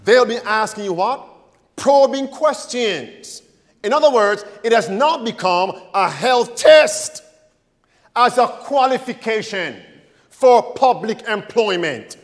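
A preacher delivering a sermon in a high, swooping voice that rises and falls widely. He speaks slowly and with emphasis, pushing rhetorical questions at his listeners. His words ring through a long hall reverb. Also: animated.

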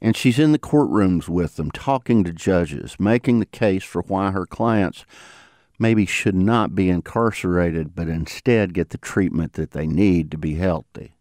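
A man hosting a podcast, narrating in a lively, conversational storytelling manner. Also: low-pitched, measured pace, no room sound, studio quality. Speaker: podcast host. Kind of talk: scripted narration.

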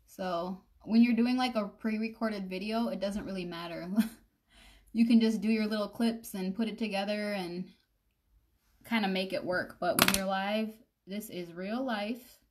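A woman's voice: mid-range voice, steady tone, unhurried. A young woman chatting casually on a live makeup stream, rambling and addressing her viewers directly. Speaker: makeup vlogger.

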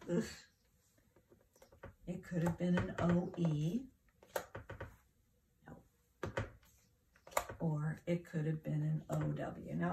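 Middle-aged woman teacher, low gravelly voice, slow and patient phonics delivery for kids. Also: mellow, slight background noise. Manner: patient, encouraging, spells words out letter by letter. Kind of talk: phonics lesson for children.

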